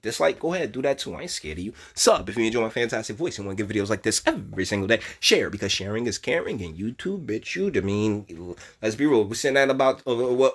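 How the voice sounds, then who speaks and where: Male YouTube commentator, casual and profane, mocking and laughing through a reaction, mid-pitched voice. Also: fairly bright tone.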